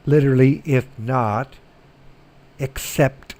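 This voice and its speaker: Middle-aged guy lecturing slowly, repeats stuff to drill it, medium pitch. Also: darkish tone. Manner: slow, methodical, repeats words to drill them. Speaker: Greek teacher. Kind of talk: recorded lecture.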